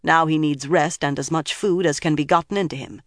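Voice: medium pitch, steady tone, dry recording, studio quality, natural voice. A reader voicing a cold, stern older woman ruler. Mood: cold, measured. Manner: measured, cold and firm. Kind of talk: audiobook character reading.

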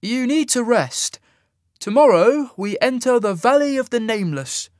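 A stern, majestic guardian, played by a man in a raised voice. He gives slow, commanding orders in a storybook reading. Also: very high voice, animated, no room sound, studio quality, pitched above the performer's own voice.

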